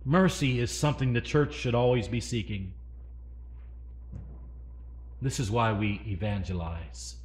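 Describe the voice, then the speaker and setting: A man preaching a sermon, swinging between loud emphasis and hushed asides and asking the congregation questions. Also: medium pitch, unhurried, pauses often.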